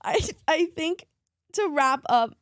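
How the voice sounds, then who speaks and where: A woman's voice: high-pitched, animated, takes it slowly, dry recording, clean studio sound. A woman co-hosting a casual sports podcast, gushing and tearful as she talks about her team. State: crying at times. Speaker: podcast co-host.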